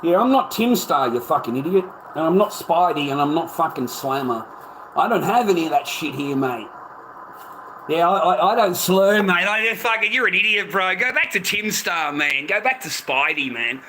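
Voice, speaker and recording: Middle-aged man, high sharp voice, ranting and swearing at his stream chat, every line ending in "mate". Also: lively intonation, moderate pace, a little hiss or hum, rough recording. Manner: swearing, repeats "mate" constantly. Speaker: live streamer. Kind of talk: angry live-stream rant.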